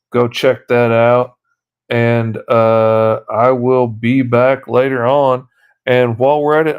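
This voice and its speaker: A comic artist, a man, casually narrating in a folksy, relaxed way as he inks a page. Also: medium pitch, clear, resonant tone. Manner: folksy, relaxed commentary on his own work. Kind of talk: casual narration while inking.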